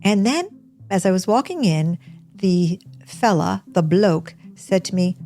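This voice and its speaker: A middle-aged woman from the United States telling a personal story in a chatty, animated, self-deprecating way. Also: lowish voice, measured pace, soft background music.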